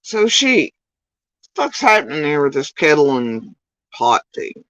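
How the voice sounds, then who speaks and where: A woman's voice: low-pitched, sing-song, a little slow, fairly bright tone, dry recording, low-quality recording. Profane, mocking woman streamer. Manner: sarcastic, mocking, swears constantly. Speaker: streamer reacting to clips. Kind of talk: profane ranting commentary.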